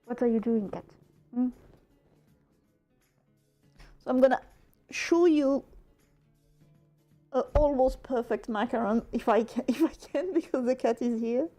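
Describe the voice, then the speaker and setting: A woman's voice: on the high side, moderate pace, long pauses, dark tone, no room sound, soft background music. A young French woman streaming from home, chatting casually while she crafts, swearing freely and laughing often. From France.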